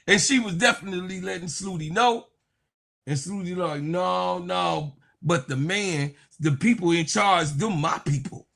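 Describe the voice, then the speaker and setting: A man talks through a sports reaction video in a casual, slangy way. His voice sits a little high, and he turns mocking and animated as he acts out what others said. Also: normal speed. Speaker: sports commentator.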